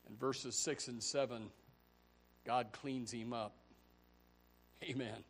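A man preaching a sermon as a pastor, firing off rhetorical questions and swinging between hushed lines and loud, shouted peaks. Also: mid-range voice, steady tone, slow, pauses often, breathy edge.

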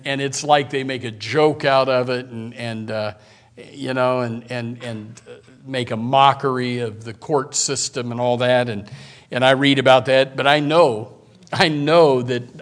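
A man preaching a sermon as pastor, swinging from quiet asides to loud bursts and reading scripture slowly. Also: mid-range voice.

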